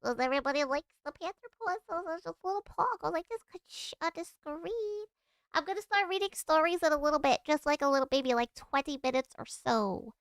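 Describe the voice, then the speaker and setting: A woman's voice: high voice, lively intonation, brisk, a bit bright, dry recording, studio quality. A woman putting on a nasally Southern accent, as if she had a cold, while chatting on a live stream. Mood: playful. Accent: Southern US (put on). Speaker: livestream host. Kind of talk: casual live-stream chat.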